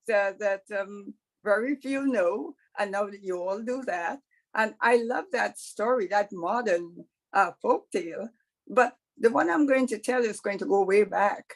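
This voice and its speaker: A woman's voice: mid-range voice, rough recording. A woman storyteller telling a folktale in a chatty, joking way. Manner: chatty, jokey.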